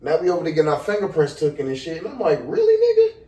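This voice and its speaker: A young man casually telling a story on a podcast, animated and profane, acting out the people in it. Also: on the high side, racing. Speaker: podcast co-host. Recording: echoey room, far from the mic.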